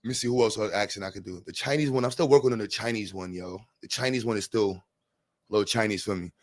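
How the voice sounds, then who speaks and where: A man's voice: fairly low pitch, fast talker, no room sound. A man livestreaming, chatting loosely and profanely with his viewers and joking around. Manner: talks to his chat. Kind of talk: casual livestream chat.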